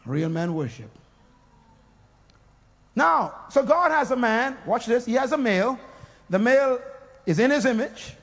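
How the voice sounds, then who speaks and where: A man preaching a fiery sermon, shouting, laughing and leading call-and-response. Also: very high voice, sing-song, a little slow, long pauses.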